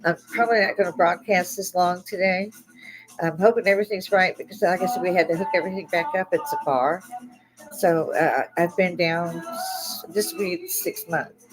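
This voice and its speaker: A woman's voice: lowish voice, expressive, normal speed, rough recording. Woman host, blunt and profane, loose laughing live-stream chat, music playing behind. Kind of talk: casual storytelling chat. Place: home bar.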